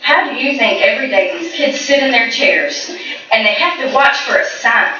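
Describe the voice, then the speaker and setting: A mother in her thirties pleads with a school board, earnest and emotional, her voice bright and pressing. She is caught by a distant mic in a very echoey hall, and the sound is dull. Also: fairly high pitch, lively intonation, normal speed. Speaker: parent speaking at a school board meeting. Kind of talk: public comment at a meeting. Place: large meeting room.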